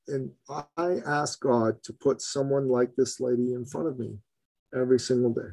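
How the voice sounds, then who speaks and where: An entrepreneur man telling a story in a podcast interview, chummy and animated, with big swings in pitch for emphasis. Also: normal speed, creaky, no echo, poor audio. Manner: chummy, calls the host buddy and brother. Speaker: entrepreneur guest.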